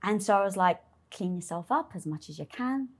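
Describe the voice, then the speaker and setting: A young woman interview guest with a medium-pitched, breathy voice speaks fairly quickly as she recounts a candid personal story. She swears freely and dramatizes what she was thinking, playing out her inner dialogue.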